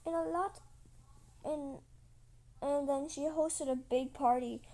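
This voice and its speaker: A woman's voice: sits high, steady tone, takes it slowly, mellow, rough recording. A woman telling a made-up story casually while drawing, rambling with many restarts.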